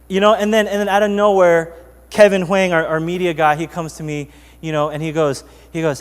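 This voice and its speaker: Casual, animated male pastor preaching. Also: on the high side, fairly quick, clear, resonant tone, big-room sound. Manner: casual, animated storytelling with many fillers. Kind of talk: sermon. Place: church sanctuary.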